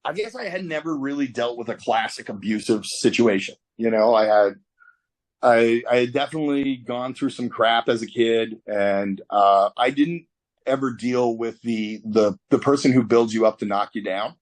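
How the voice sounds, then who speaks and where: A man's voice: mid-range voice, normal speed. Candid, profane man telling a story. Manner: candid, profane, lots of fillers. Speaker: tattoo artist guest. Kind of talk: casual storytelling.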